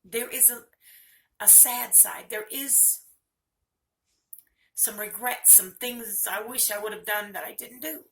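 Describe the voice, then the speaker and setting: Speaking slowly with long pauses, an older woman vlogger addresses her viewers directly in a candid, earnest personal monologue, at times close to tears. Her voice is mid-range with a sharp tone.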